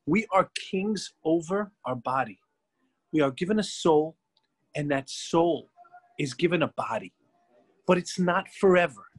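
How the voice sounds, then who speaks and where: Middle-aged rabbi telling a story in class, bit high husky voice, dry close sound, acts out the people in it. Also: male voice, dry recording. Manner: lively storyteller, acts out the people in his tale.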